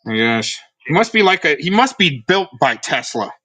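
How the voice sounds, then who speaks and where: A man's voice: on the high side, sing-song, moderate pace, bright, forceful tone. A man hosting a livestream, ranting in a sarcastic, rambling, scornful way as he comments on a recording. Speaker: livestream host.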